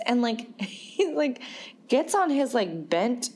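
A woman spins a personal story in a loose, chatty way. Her pitch swings widely as she talks, and she laughs easily between her filler words. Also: very animated, takes it slowly, darkish tone. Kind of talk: casual storytelling.

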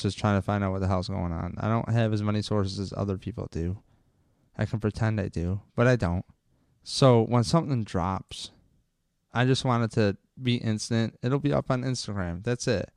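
A man rants casually into a close microphone, rambling and then getting fired up and cursing. His voice is smooth and clear, and the recording sounds dry and close with no room echo. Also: lowish voice, a little mellow. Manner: rambling, gets fired up and swears. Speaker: podcast host. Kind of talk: casual sports rant.

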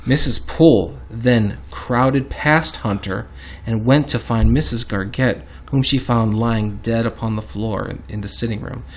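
A man's voice: mid-range voice, a little slow. A man reads an old account aloud in a casual chat with a co-host. His delivery leans dramatic, and he stops often to comment.

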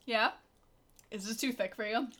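A woman's voice: on the high side, moderate pace, crowd noise. A young woman co-hosting a podcast in casual chat, talking in a playful, teasing way and filling her talk with "like". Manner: chatty, full of "like" fillers, playful teasing. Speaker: podcast co-host.

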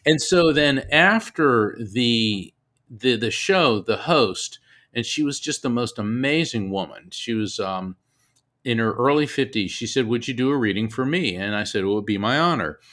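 Bright-voiced man telling stories. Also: mid-range voice, unhurried. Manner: animated storyteller, repeats words, laughs often. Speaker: medium, guest. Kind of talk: storytelling in an interview.

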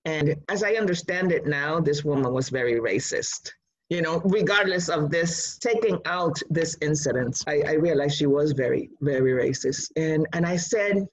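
Animated woman telling her story. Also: normal speed, rough recording. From Puerto Rico. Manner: animated, emphatic, switching pitch for emphasis. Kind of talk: personal storytelling.

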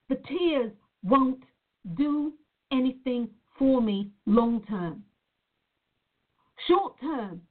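Emphatic woman coach on a tinny line. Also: high-pitched. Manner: earnest, repetitive, emphatic. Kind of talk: motivational talk to viewers. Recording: tinny phone-like sound.

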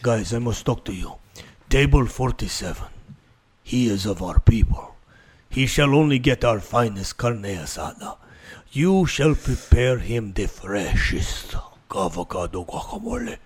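A man's voice: mid-range voice, sing-song, unhurried, husky, voice pushed down. A man putting on a pompous character with a heavy fake Spanish accent and rolled R's. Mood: grandiose.

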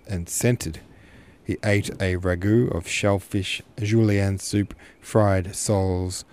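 A man reading a classic novel aloud as a podcast host, steady and unhurried. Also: lowish voice. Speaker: podcast host, literature reader. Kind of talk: audiobook narration.

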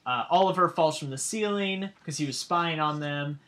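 A woman co-hosting a casual film podcast, relaxed, laughing often, with many fillers. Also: low-pitched, normal speed, a little hiss or hum. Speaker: podcast co-host. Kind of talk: casual chat.

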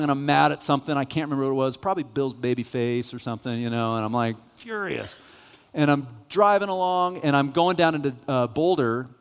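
A male pastor preaching a sermon, telling a self-mocking, animated story. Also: medium pitch. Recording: reverberant church hall.

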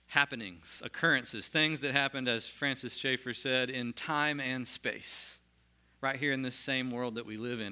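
Bright-voiced male pastor preaching. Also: medium pitch, clear, resonant tone. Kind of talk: sermon with scripture reading.

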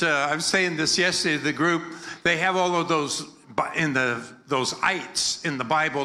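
A man's voice: a little high, pushed and bright. An older American man preaching to a congregation, playful and joking, leading call-and-response chants. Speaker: guest preacher. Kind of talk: energetic sermon with crowd call-and-response. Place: church hall with a congregation.

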